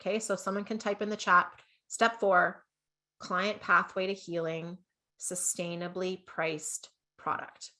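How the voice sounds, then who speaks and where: A woman's voice: fairly low pitch, little pitch movement, unhurried, sharp tone. A woman with a Canadian accent teaching an online business masterclass, chatty and upbeat, often laughing at herself and checking in with "okay?". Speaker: business coach.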